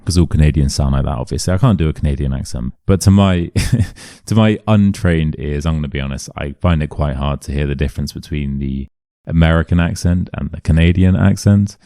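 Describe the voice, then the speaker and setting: A man's voice: very deep voice, brisk, no echo, studio quality. A young English man with a modern RP accent, an English teacher chatting animatedly and telling stories while walking outdoors through city streets. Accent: modern RP British English. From England. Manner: chatty, animated storyteller who acts out voices. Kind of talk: casual walk-and-talk vlog storytelling.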